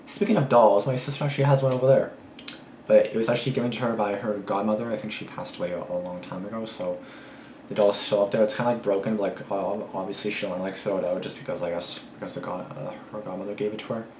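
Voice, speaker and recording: A young man chats quickly and casually as he reacts, rambling and leaning on filler words. His voice sits a little low. The room is echoey, with a faint noise behind him. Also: steady tone, darkish tone. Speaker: reaction video host.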